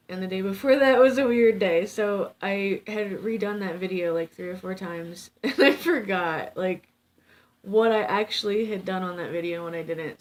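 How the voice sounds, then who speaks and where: A woman tarot reader chatting casually to her viewers, rambling with lots of fillers and swearing lightly, tired without her coffee. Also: fairly low pitch. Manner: rambling and chatty, many fillers and self-interrupting laughs. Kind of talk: casual chat to camera.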